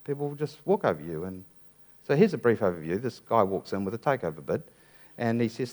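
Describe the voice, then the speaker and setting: A man's voice: fairly low pitch, very animated, fairly quick, darkish tone. Playful New man giving a talk. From New Zealand. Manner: playful, wry storytelling full of puns. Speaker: design conference speaker. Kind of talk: humorous talk on stage.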